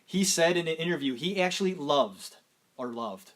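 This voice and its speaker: A man's voice: fairly high pitch, expressive, normal speed. A man casually chatting as a podcast host, enthusiastic and rambling, with the odd swear. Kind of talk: casual chat.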